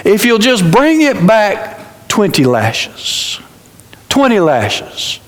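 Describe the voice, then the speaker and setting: A man voicing a stern, grieving king and father as he gives solemn, measured commands in a reverberant church hall. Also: high voice, wildly swooping pitch, full character voice. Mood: merciful.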